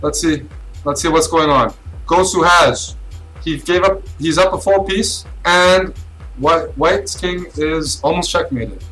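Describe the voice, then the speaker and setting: A man's voice: fairly high pitch, unhurried, a bit bright, soft background music, poor audio. Hyped man calling chess games live. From Canada. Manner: hyped, cheering, repeats catchphrases. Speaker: live-stream chess commentator. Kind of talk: excited play-by-play commentary.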